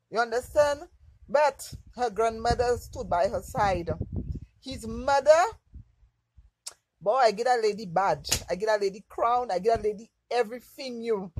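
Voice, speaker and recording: A woman's voice: a little high, a little mellow, husky, low-quality recording. Emotional woman vlogger. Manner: candid, emotional storytelling with Caribbean phrasing. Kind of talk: storytime vlog.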